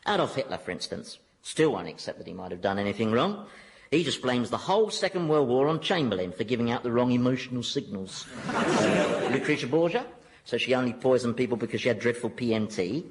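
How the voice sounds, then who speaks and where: A man's voice: mid-range voice, big pitch swings, a little fast, big-room sound, slight background noise, poor audio. An actor voicing a sardonic male devil who rules hell, sarcastic and mocking. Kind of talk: 1990s radio comedy acting.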